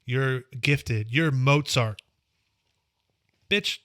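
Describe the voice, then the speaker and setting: Bright, dry-sounding joking podcast guy. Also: medium pitch, moderate pace, dry recording. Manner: joking, crude, runs the segments. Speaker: podcast co-host. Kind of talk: casual chat.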